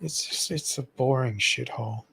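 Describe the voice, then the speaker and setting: A man's voice: mid-range voice, normal speed, creaky, fairly bright tone, husky. A man co-hosting a podcast, giving blunt, dry, short replies in casual chat. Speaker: podcast co-host.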